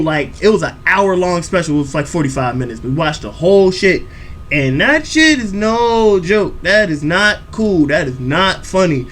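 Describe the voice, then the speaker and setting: A young man telling a profane, animated story on a reaction video channel. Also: sits high, a little hiss or hum. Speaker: YouTube reaction host. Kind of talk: storytelling vlog chat.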